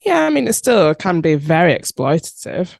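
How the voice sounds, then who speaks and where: Low-voiced woman, measured remarks. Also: very animated, gravelly, a little mellow. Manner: measured, thoughtful, dry remarks. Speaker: podcast co-host. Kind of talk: casual chat.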